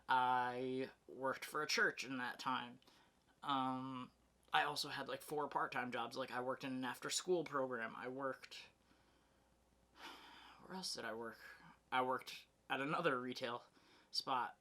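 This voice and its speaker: A young male vlogger, out of breath, tells a casual storytime in a medium-pitched voice that sounds pushed and bright. He's candid and chatty, using fillers and correcting himself, first at home and then in his car.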